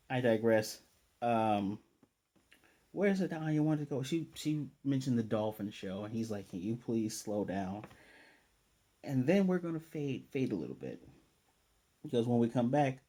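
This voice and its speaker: Mellow-voiced man recapping an anime. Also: medium pitch. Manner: rambling, retells scenes with quick quoted voices. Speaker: anime reviewer. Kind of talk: casual episode recap and commentary.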